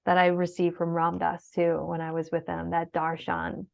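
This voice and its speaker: A woman's voice: on the low side, completely flat delivery, normal speed, creaky. A middle-aged woman speaking as a guest in an interview, heartfelt and sometimes tearful, with many fillers. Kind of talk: emotional interview conversation. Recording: dull lo-fi sound.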